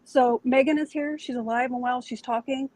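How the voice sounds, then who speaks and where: A woman co-hosting a casual panel livestream, speaking calmly and in a conciliatory way. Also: sits high, normal speed, dry recording, rough recording. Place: home near a yard.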